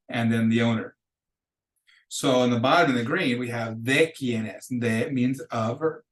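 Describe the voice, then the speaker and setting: A man's voice: medium pitch, roomy sound. A man teaching a recorded lesson for students, patiently explaining with examples and repeating phrases. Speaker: Spanish teacher.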